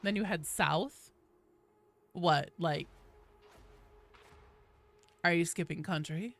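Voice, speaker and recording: A woman game streamer chatting casually and excitedly on a live stream, greeting viewers by name as she plays. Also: on the low side, takes it slowly.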